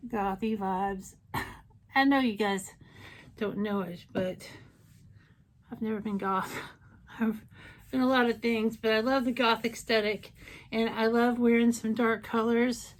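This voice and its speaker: A woman makeup vlogger chatting casually through a tutorial, gushing about colors and tossing in jokey asides. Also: fairly high pitch.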